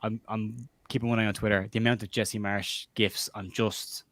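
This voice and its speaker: A man hosting a casual football chat, telling animated stories with mocking impressions. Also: on the low side, moderate pace, no room sound, clean studio sound. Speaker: podcast host.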